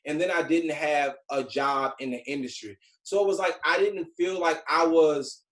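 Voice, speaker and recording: The poor, roomy audio captures a Southern American man in his 40s, a TV writer, loosely talking a group through his career and advice with lots of "like" fillers. His voice is a little high and fairly bright, at a moderate pace, and his storytelling is easygoing and chatty.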